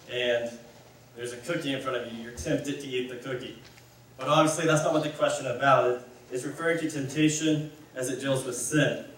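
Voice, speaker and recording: A man's voice: mid-range voice, fairly bright tone, slight background noise. A man giving a casual, conversational sermon, rambling and correcting himself as he goes. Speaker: speaker. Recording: echoey hall, mic far off.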